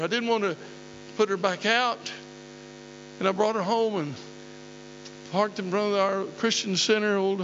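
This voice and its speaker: An older man preaches a sermon in a high-pitched voice, swinging from folksy storytelling to emphatic calls. The recording is dull, with a long reverb trailing in a big hall and a faint hum underneath. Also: fairly bright tone. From southeastern Oklahoma. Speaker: pastor. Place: church hall.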